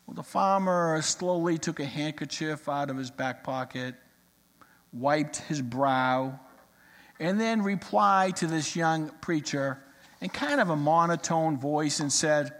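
A man preaching a sermon, telling a folksy story in an animated, storytelling manner. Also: on the high side, measured pace, in a large hall.

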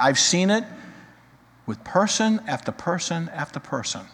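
A male pastor preaching a sermon, dramatic, swinging between loud emphasis and quiet, full of rhetorical questions. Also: medium pitch, husky, in a large hall.

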